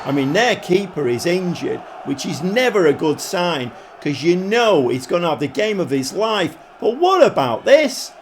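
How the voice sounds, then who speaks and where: Excitable man commentating football. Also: fairly high pitch, moderate pace, few pauses, a little hiss or hum. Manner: commentates like a football pundit, with sudden excited outbursts. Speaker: gaming YouTuber.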